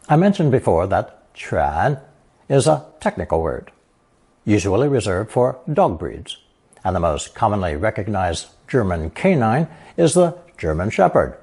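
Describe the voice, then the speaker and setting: A man teaching a recorded language lesson, explaining word meanings slowly and clearly and reading example sentences aloud. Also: on the low side, a little mellow.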